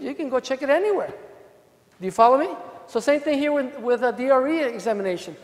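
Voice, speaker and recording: Man, accent, high-pitched voice, animated and profane, seminar talk, long reverb in a hotel hall. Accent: non-native English. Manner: animated, profane, jokes with the audience. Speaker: defense attorney presenting at a legal seminar. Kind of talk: conference talk to an audience.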